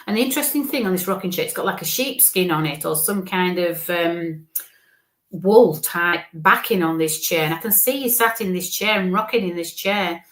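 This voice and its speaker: A woman with a lilt gives a live psychic reading in a soft, reassuring manner. She keeps checking in with a gentle "okay?" as she passes on messages. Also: on the low side, normal speed. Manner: gentle, reassuring, often ends phrases with "okay?". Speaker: psychic medium.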